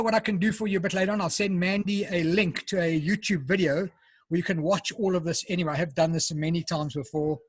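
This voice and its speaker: A high-pitched man with a South African accent walks viewers through his cooking, chatty and unhurried, taking bites as he talks. His voice carries a husky edge. It comes through a video call and sounds close and dry. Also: a bit bright, no echo. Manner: chatty, explains step by step, eats while talking. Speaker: home cook presenting. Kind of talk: casual live cooking demo.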